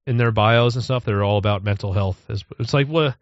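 A man's voice: fairly low pitch, fairly quick, dry recording, highs cut off. A man on a podcast talking in a mocking, sardonic way and mimicking people he scorns. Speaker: podcast co-host. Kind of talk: casual chat.

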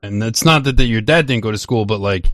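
A man's voice: on the low side, quick pace, a bit bright, no room sound. A man with a New York-area accent, co-hosting a podcast in casual banter, blunt and profane. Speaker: podcast co-host.

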